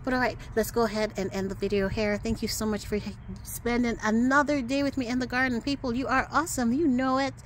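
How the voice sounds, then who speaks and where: A woman's voice: fairly high pitch, steady tone, a little fast, few pauses, slight background noise. A woman hosting a gardening vlog outdoors, chatting casually and playfully to the camera, teasing herself. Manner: chatty, playful, self-teasing, calls viewers beautiful people. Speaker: gardening channel host.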